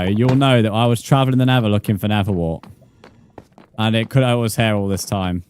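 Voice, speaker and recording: A man's voice: on the low side, fairly quick, darkish tone, slight background noise. A man in his twenties, streaming a game live and chatting casually with viewers, swearing often. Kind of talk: casual live gameplay commentary.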